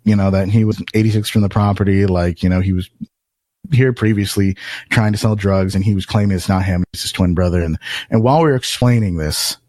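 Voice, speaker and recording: A man's voice: deep voice, fairly quick, dry recording. A man telling a long story on a podcast in casual, profane talk, acting out what people said. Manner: animated, acts out quotes, swears often.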